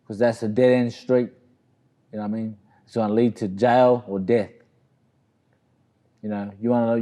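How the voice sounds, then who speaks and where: A man's voice: medium pitch, dark tone. A middle-aged Australian man telling a long story in a casual, rambling way, often saying "you know what I mean". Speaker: interview guest, boxer.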